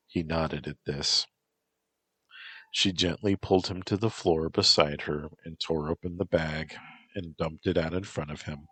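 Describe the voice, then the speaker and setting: A man narrating a story in a slow, measured reading voice with a husky tone. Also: a bass voice, fairly even intonation, fairly bright tone, no room sound.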